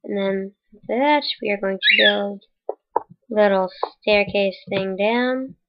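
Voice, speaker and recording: Through a dull lo-fi mic, a woman with a medium-pitched voice narrates a game-building tutorial at a slow pace. Her voice-over is casual and rambling, hiccups included, and she corrects herself as she goes.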